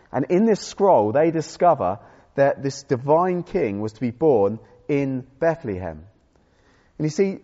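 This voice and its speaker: A man's voice: mid-range voice, dark tone. A man preaching a conversational sermon with self-deprecating humor and frequent restarts. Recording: dull sound in a reverberant hall.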